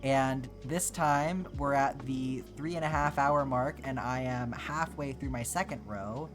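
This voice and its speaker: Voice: mid-range voice, measured pace. A livestreamer chatting casually with viewers while crocheting, answering questions and playfully mock-offended. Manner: chatty, playfully indignant teasing of chat. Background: background music.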